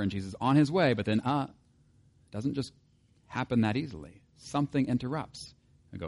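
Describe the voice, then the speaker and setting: A man preaches in a relaxed, conversational way, speaking at a middle pitch. He keeps asking his listeners rhetorical questions and reads a scripture passage aloud. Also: a little fast. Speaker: pastor. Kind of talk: sermon.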